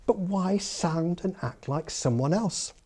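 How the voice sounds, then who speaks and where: A man giving an after-dinner comedy speech at a speakers' club, with a measured, pun-laden delivery. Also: high-pitched, expressive, darkish tone, breathy edge.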